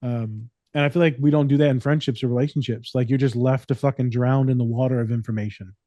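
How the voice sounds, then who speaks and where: A therapist and podcast co-host telling stories in casual, profane, joking chat. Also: male voice, mid-range voice, fairly even intonation, fast, mellow, no echo, highs cut off.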